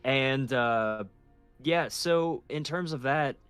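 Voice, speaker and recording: A man who narrates horror stories, calmly explaining his habits as a guest in a casual podcast chat. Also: mid-range voice, clean tone, no room sound, faint music behind. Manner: measured, explanatory, soft projected delivery.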